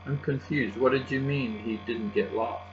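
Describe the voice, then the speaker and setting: A man's voice: mid-range voice, fairly even intonation, normal speed, lo-fi sound, slight background noise, natural voice. A man reading aloud, voicing an earnest, anxious young boy. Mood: puzzled.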